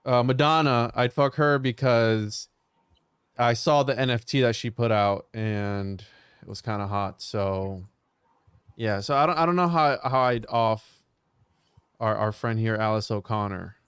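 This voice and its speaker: Podcast host, man, smooth resonant voice, teasing crude banter, dry close mic. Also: mid-range voice, unhurried, no echo. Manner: says "bro" constantly, teasing and loud.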